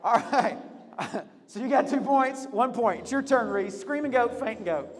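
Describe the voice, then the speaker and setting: A man hosting a lively game for a group, upbeat and teasing, laughing often. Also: very high voice, normal speed, long reverb tail. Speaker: youth leader hosting a game.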